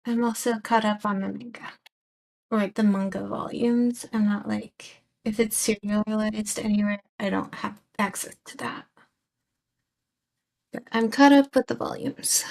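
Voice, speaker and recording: Soft-spoken young British woman, slow. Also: mid-range voice, steady tone, gravelly. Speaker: streamer. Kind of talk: casual stream chat, reading and answering chat.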